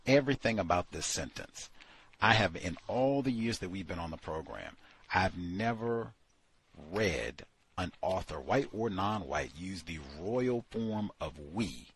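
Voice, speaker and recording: A man's voice: deep voice, expressive, unhurried, fairly bright tone, husky. A man hosting a talk show, giving a blunt, dismissive critique and repeating his points. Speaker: radio show host. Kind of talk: casual critical commentary.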